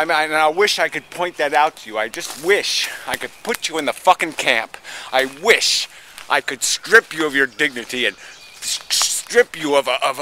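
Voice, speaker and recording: Angry, profane man with a forceful voice. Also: a little high, a little hiss or hum. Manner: hesitant restarts with frequent fillers. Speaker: debate participant. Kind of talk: heated monologue.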